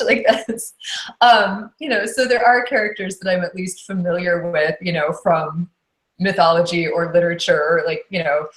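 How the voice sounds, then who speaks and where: Brief: a low-pitched woman, audiobook narrator, chatty and filler-heavy, echoey room. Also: steady tone, brisk, fairly bright tone. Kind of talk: casual interview. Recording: roomy echo.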